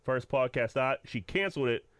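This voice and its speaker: A man's voice: mid-range voice, expressive, moderate pace, clean tone, no room sound. A man co-hosting a podcast, telling rambling, crude stories in casual banter. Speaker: podcast co-host.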